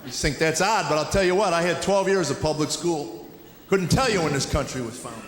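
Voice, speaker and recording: A middle-aged man from Tennessee doing a stand-up routine, telling family stories in a deadpan way with quick acted-out quotes. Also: a little high. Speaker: stand-up comedian. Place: comedy stage before a live audience. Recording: echoey hall with audience noise.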